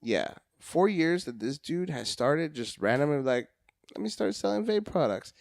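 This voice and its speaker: A man's voice: fairly high pitch, sing-song, moderate pace, creaky, no room sound. A man on a podcast, a comedian chatting casually, hyperactive, cursing a lot and acting out phone calls in different voices.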